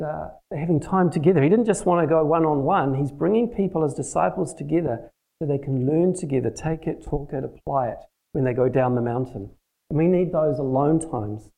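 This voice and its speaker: A man's voice: a little high, mellow, rough recording. A man teaching a church group in a plain, conversational sermon, using practical everyday examples. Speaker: church teacher leading a prayer session.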